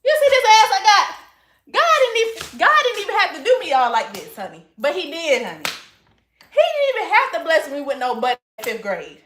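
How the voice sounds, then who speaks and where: High, lively, sassy woman on a livestream. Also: fairly quick, slight background noise. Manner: sassy, calls everyone honey. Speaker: livestream host. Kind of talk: casual livestream chat reading comments. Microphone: phone.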